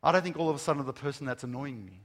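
A pastor preaches a sermon to an audience in a large room, racing along with lively intonation in a medium-pitched voice. He speaks emphatically, poses rhetorical questions and stresses list items word by word, while the hall adds a long reverb.

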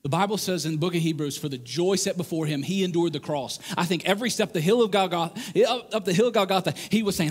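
A man with a high, light voice preaches an earnest sermon to a room of men. He is animated and acts out the voices he quotes. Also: quick pace, few pauses, slightly rough. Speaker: pastor.

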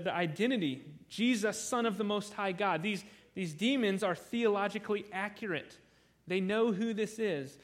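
His voice sits high as he preaches on a Bible passage. Earnest and conversational, the man keeps repeating words each time he restarts a sentence.

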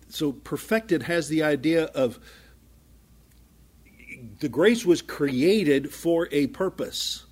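A man's voice: a little high, slow pace, pauses often, slightly rough. A man preaching a sermon in a conversational way, acting out small exchanges and building to fervent emphasis. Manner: conversational, acts out small dialogues, grows louder and more fervent. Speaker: pastor.

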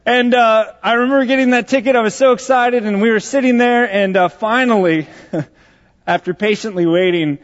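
A pastor from Texas preaching a sermon, telling a personal story in a conversational, joking way. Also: male voice, high-pitched, normal speed. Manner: conversational and joking, with self-deprecating asides. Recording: dull sound in a large reverberant hall.

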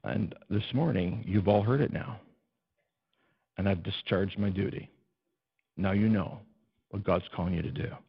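A man preaching a sermon as pastor, swinging between hushed low passages and loud, soaring ones, often putting questions to the congregation. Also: unhurried, vocal fry, long pauses, breathy edge, highs cut off. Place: church.

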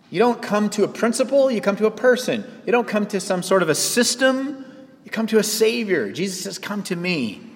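A man preaching a sermon as pastor, with animated delivery that swings from hushed and low to loud and high. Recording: long reverb of a large hall.

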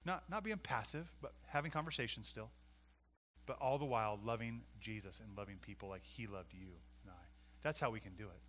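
Guy preaching a sermon in church, bright clear voice, gets loud then drops low, asks the room questions. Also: a little fast, a little hiss or hum. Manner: emphatic, varies loudness for emphasis, rhetorical questions. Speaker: pastor.

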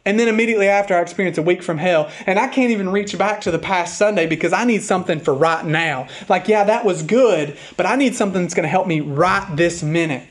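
A man preaching a sermon as pastor, speaking earnestly and openly about a hard week, at times reading hymn lines slowly and softly. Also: high-pitched.

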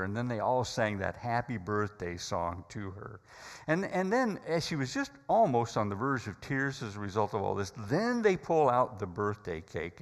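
A man's voice: on the low side, in a large hall. A man preaching a sermon, telling a story dramatically with hesitant fillers.

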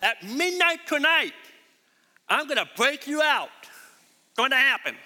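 A man voicing a breezy, casual figure making slow, emphatic promises of rescue, in a reverberant hall. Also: very high-pitched, big pitch swings, bright, forceful tone, pitched above the performer's own voice, full character voice. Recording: reverberant hall, slightly distant.

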